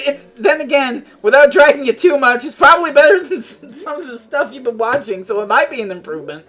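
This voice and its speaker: A woman's voice: mid-range voice, animated, normal speed. A woman from Europe chatting casually while streaming a game, rambling, sarcastic and profane, often tripping over her words.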